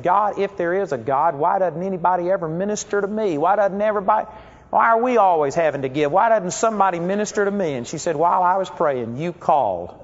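Preacher, male, fairly high voice, earnest storytelling sermon; dull recording with long hall reverb. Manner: earnest storytelling, slows down to stress key phrases.

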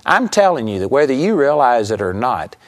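A man's voice: mid-range voice, very animated. A man preaching a sermon and telling a personal testimony in an earnest storytelling manner. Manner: earnest storytelling, speeds up and slows down.

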